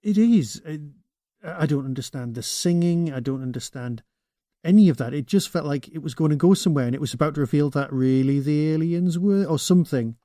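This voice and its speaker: A man's voice: fairly high pitch, fairly quick, mellow, no room sound, clean studio sound. A man co-hosting a podcast, giving wry, opinionated takes in casual chat. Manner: opinionated, wry, explains plainly. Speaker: podcast co-host.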